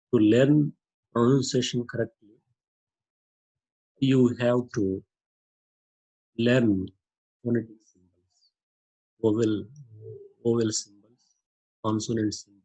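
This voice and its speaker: A man teaching a lesson on using a dictionary, explaining slowly with many repetitions and "uh" fillers. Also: on the low side, warm tone, breathy edge, highs cut off. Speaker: English teacher.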